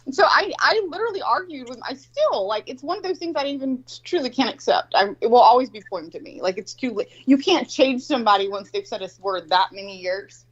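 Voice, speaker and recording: Brief: middle-aged woman, fairly high voice, insistent animated storyteller, muffled lo-fi call. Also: a little fast, few pauses, husky. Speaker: panelist. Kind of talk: casual group chat. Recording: dull lo-fi call audio.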